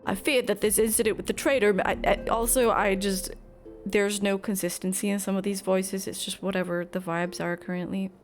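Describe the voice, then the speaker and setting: A woman streamer talks casually over her game, rambling and joking at her own expense. Her pitch sits in a middle range, and faint music plays underneath. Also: steady tone, moderate pace. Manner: rambling and self-mocking, reading game dialogue aloud. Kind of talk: casual gameplay commentary.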